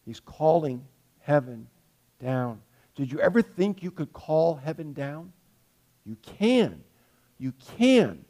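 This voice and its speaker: An older man preaching a sermon, earnest, moving between loud pleading and soft hushed passages. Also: a little high, sing-song, takes it slowly, long pauses. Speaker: pastor.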